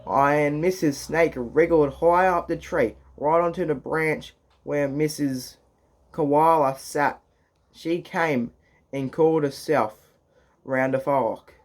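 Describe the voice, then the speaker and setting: A man reading a children's book aloud in a casual, halting way. He restarts lines and drops swear words in his asides. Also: fairly high pitch. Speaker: reader.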